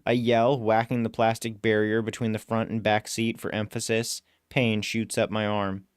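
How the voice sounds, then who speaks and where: A man narrating a first-person story aloud in a steady, matter-of-fact way. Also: lowish voice, moderate pace, hardly any pauses, clean tone, no echo, studio quality. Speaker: story reader.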